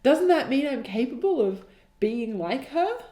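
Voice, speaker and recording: On a podcast she co-hosts, a woman reads her old writing aloud in a dramatic style, breaking in with exasperated, laughing, sarcastic jabs at it. Her voice sits high and sing-song, a touch slow, with a dark tone. The room gives off a roomy echo.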